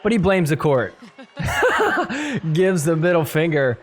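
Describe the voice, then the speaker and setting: A man's voice: high-pitched, wildly swooping pitch. A man hosting a podcast, recapping sports clips in a casual, joking way and laughing often. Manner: laughs often, acts out players' thoughts in quick asides. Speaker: podcast host.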